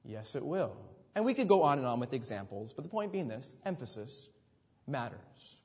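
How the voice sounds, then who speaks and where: A man's voice: mid-range voice, sing-song, moderate pace, darkish tone. A pastor preaching a sermon, emphatic, asking rhetorical questions and now and then stumbling over his words. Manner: emphatic, rhetorical questions, occasional stammered restarts. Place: church sanctuary. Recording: dull sound with long hall reverb.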